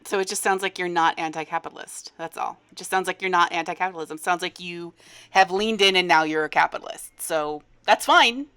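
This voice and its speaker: Woman, low-pitched, sarcastic and lecturing, talks straight to camera. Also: fairly even intonation, quick pace, fairly bright tone, smooth. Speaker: commenting creator in a played clip. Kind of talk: critical commentary to camera.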